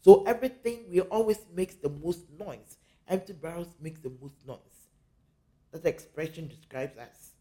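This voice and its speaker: Spiritual teacher from Africa, earnest, warm mellow tone, hammers key phrases home. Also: medium pitch, moderate pace.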